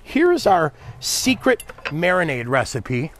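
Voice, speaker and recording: A man's voice: fairly high pitch, huge pitch swings, unhurried, a little hiss or hum. A man hosting a live cooking demo, chatting upbeat with viewers and his helper as he cooks. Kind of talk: live cooking stream, casual chat.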